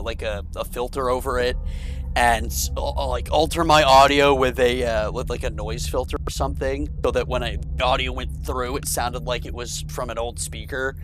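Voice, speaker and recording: A man streaming a co-op game with friends, chatting excitedly and explaining things at length. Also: mid-range voice, low-quality recording. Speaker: gaming streamer. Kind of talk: casual co-op game chat.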